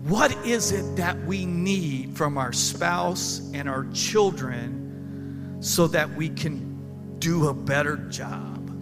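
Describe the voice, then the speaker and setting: Man, pastor, emphatic folksy talk, slightly high voice, long echo, music behind. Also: takes it slowly. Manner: emphatic, folksy, repeats himself. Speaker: pastor leading a panel. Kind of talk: church panel talk, preaching. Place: church service.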